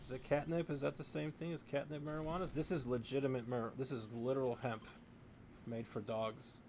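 A man streams a video game and rambles on to his chat, cursing freely and drifting from story to story. His voice sits at an ordinary, mid-range male pitch. A soft hiss of noise runs under the recording. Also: steady tone, fairly quick. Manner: rambling, profane, talking to chat while playing. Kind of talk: casual live-stream chat.

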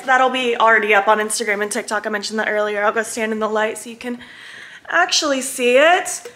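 A woman vlogging casually at home, giddy and excitable, often squealing and laughing as she talks to the camera. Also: on the high side, moderate pace. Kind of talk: casual vlog chat. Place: at home, indoors.

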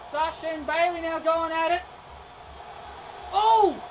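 A woman doing excitable play-by-play wrestling commentary over a video game, often shouting and tripping over her words. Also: extremely high pitch, a little slow. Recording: distant mic with noisy background.

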